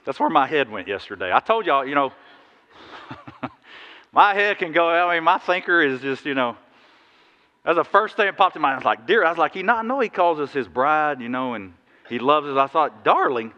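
A man preaching a sermon, telling stories in a lively, animated way with sudden loud bursts. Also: on the high side, moderate pace. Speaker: pastor. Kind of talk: sermon with storytelling. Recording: dull sound in a big reverberant hall.

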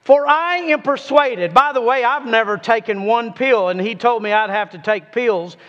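High-voiced man preaching in an echoing hall. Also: fairly bright tone, dull audio. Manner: emphatic, drawn-out stresses, calls on the congregation to repeat. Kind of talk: sermon with scripture reading. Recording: long reverb of a large hall.

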